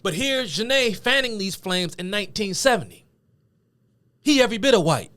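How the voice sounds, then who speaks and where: A man with a high voice delivers lecture-style commentary on politics. He talks emphatically and conversationally and drops casual slang as he explains things to his viewers. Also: big pitch swings, normal speed, a bit bright.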